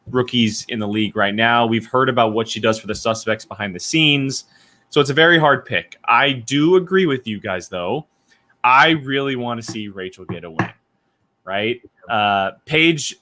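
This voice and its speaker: A young man hosting a casual live-stream podcast chat, animated and quick to laugh. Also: medium pitch. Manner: animated, laughs often, chatty. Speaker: podcast host.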